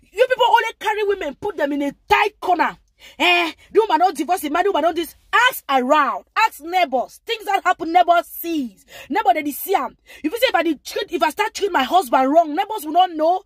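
A woman's voice: very high-pitched, animated, a little fast, dry recording, clean studio sound. A woman with a Nigerian accent giving rambling, lecturing advice in a casual live-stream monologue. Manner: rambling, lecturing, with frequent asides.

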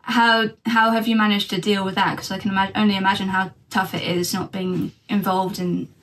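A woman's voice: medium pitch, little pitch movement, fairly quick, a bit bright, a little hiss or hum. Woman co-host heard from a distance. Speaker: podcast co-host. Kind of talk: casual podcast interview. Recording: voice picked up from a distance.

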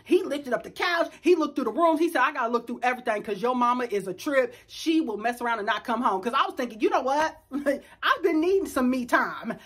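Animated high-voiced storytelling woman. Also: a little fast, breathy edge. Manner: animated, dramatic storyteller addressing viewers as y'all. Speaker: vlogger. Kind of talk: casual storytelling chat.

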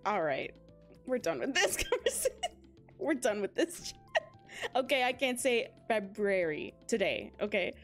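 25 yo girl streamer chatting to chat, giggly, super lively up and down voice. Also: fairly high pitch, moderate pace, soft background music. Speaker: livestream host. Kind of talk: casual gaming livestream chat.

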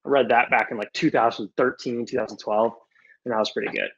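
A young man answering audience questions casually on a video call, loose and animated, with some swearing. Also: medium pitch, fast talker, husky. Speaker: guest speaker. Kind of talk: casual Q&A on a webinar. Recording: muffled lo-fi video call audio.

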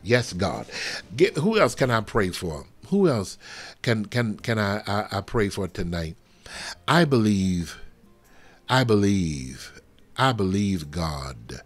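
A man leading a live prophetic prayer over a livestream, fervent and swinging from soft murmurs to loud exclamations. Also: lowish voice, lively intonation, slow pace. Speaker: pastor. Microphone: livestream webcam.

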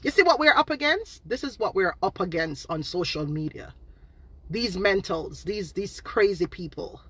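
A woman with a Jamaican accent, ranting loudly and scolding people on a live stream from her phone. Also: medium pitch, animated, normal speed, slightly rough. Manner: loud, scolding, insulting.

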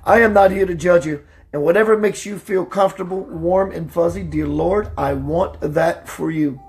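A man hosting a spiritual talk radio show, preaching emphatically, slowing down for emphasis and greeting listeners by name. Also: soft background music. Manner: slows down for emphasis, voice dips low and quiet.

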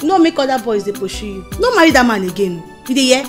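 A woman's voice: on the high side, sing-song, quick pace, faint music behind. An actress with a Nigerian Pidgin accent playing a brash young woman who taunts and insults a man. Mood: coaxing. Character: brash, scornful young woman egging on her friend.

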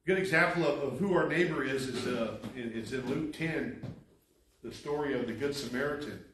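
A man's voice: mid-range voice, normal speed, a little hiss or hum. Preaching man in an echoey church. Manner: preaching with rising emphasis, then softening to a hushed tone. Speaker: pastor. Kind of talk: sermon. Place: church sanctuary. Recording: echoey hall from far off.

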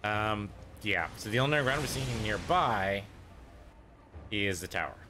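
A man with a low-pitched voice talks his way through a game session, muttering his thoughts half to himself. Game ambience and noise sit clearly under his voice. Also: animated, normal speed. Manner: muttering, thinking aloud to himself. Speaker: let's play gamer. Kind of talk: casual gameplay commentary.

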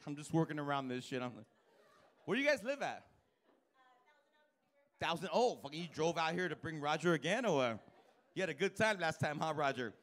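A man's voice: a little high, fast, a bit bright. A male stand-up comedian on a comedy club stage, doing brash, profane, teasing crowd work with the audience.

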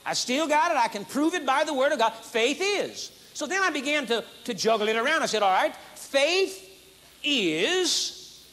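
A man preaching an emphatic, repetitive sermon at a conference, building to high exclamations. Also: lively intonation, a little fast, hardly any pauses, fairly bright tone. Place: conference hall.

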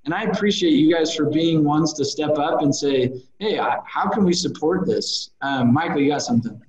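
Upbeat host in an echoey room. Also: male voice, on the high side, normal speed, a little mellow, dull audio. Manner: upbeat, promotional wrap-up. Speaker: podcast host. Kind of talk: casual podcast talk. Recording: echoey room, mic at a distance.

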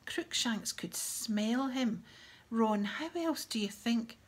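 Woman narrator playing a bright insistent schoolgirl, husky whisper edge. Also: medium pitch, a little slow. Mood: impatient. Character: earnest, bookish teenage girl.

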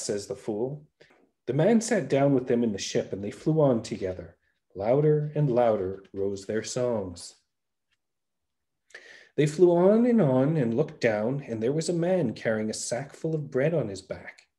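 Dark, mellow male storyteller. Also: medium pitch, expressive, measured pace. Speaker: podcast storyteller. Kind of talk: folktale read-aloud narration.

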